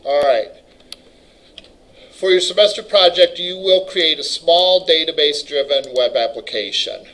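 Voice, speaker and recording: A man's voice: fairly high pitch, measured pace, fairly bright tone, low-quality recording. A middle-aged man teaching a college class, talking casually and rambling, often stopping and restarting his sentences. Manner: rambling, casual, self-interrupting. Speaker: college instructor. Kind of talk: classroom lecture.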